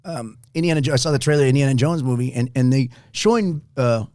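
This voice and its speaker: A man's voice: medium pitch, fast, a little mellow, no echo. Guy rambling on a podcast, lots of um and laughing, dry close sound. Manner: rambling, laughs often, many fillers. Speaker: podcast co-host. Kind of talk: casual podcast chat.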